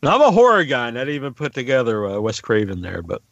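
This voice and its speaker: A man's voice: medium pitch, wildly swooping pitch, fast, a bit bright, no room sound, dull audio. A man hosting a podcast, asking questions in an easygoing way with short affirmations. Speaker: podcast host. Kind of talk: casual interview chat.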